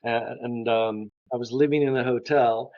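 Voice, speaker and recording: A man's voice: mid-range voice, steady tone, normal speed, no room sound. An older man, a guest art historian, telling enthusiastic stories in an interview and acting out the dialogue in them. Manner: enthusiastic anecdotes, acts out dialogue. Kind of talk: storytelling interview. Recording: slightly dull lo-fi sound.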